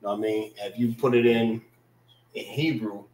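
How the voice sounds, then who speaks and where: A man teaching an informal class, explaining words slowly, often checking in with "all right" and speaking. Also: lowish voice, fairly even intonation, darkish tone, reverberant, poor audio. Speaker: class instructor.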